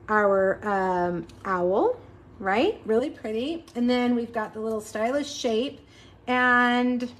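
A woman in her forties hosting a casual live card-making demo, chatting and talking straight to her viewers. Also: a little high. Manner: chatty, addresses viewers as you guys.

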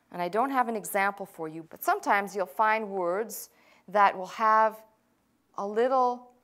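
A woman's voice: mid-range voice, fairly bright tone. A woman teaching a language class as a pastor, in a mid-range voice. She walks through each point patiently and methodically. She drops in casual, self-deprecating asides along the way. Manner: patient, explaining step by step with asides.

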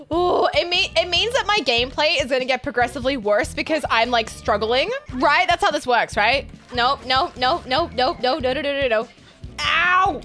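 A young woman streaming a game while eating hot sauces, excitable, often squealing and laughing. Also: high-pitched, brisk, hardly any pauses, soft background music. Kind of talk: gaming hot sauce challenge.

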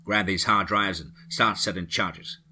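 A man's voice: low-pitched, fairly even intonation, a little slow, pushed and bright, husky, heavily acted. A man voicing a stern male special forces leader, commanding and terse.

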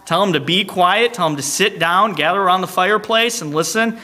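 A man hosting a church service as song leader, making announcements in a playful, teasing way with quick joking asides. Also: high-pitched, pushed and bright. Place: church sanctuary, streamed online.

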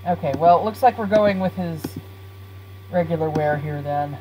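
A woman's voice: low voice, moderate pace, background noise. A woman live-streaming a life-simulation game, chatting casually with her viewers and laughing often. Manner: giggly, chatty, talks to chat.

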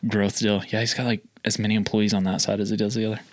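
A man's voice: lowish voice, little pitch movement, quick pace, no room sound, clean studio sound. Chatty guy from Oklahoma telling stories. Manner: rambling, filler-heavy with lots of "like". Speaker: feed store owner, guest. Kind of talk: casual storytelling interview.

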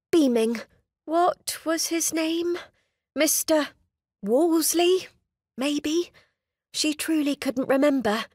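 A woman narrates a period romance audiobook with wry, expressive storytelling. Her voice sits high and bright. The booth sound is close and dry, with no room around it. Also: no echo. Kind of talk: scripted narration.

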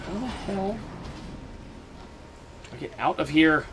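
Male gamer, horror commentary; fairly high, very animated delivery, curses, rambles, yelps when spooked. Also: slow pace, slight background noise. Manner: jumpy, swears a lot, yells when startled; rambling confused muttering. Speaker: let's play gamer.

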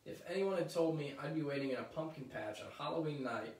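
An impatient little storybook girl, quick to complain, as a man reading aloud puts her on. Her lines come raised and fed up. Roomy echo, mic placed at a distance. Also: fairly high pitch, natural voice.

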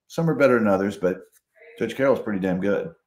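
A lively, low-voiced man speaks as a trial attorney, telling courtroom stories in a relaxed interview. He acts out the voices of judges and lawyers and breaks into laughter often. The room around him is noticeably echoey. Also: brisk. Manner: animated storyteller, acts out quotes, laughs often. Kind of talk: conversational interview. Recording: roomy echo.

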